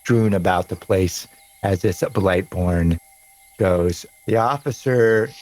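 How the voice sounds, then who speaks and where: Slow-narrating male game master. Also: sits low, darkish tone, no echo, rough recording. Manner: unhurried, drawn-out scene narration.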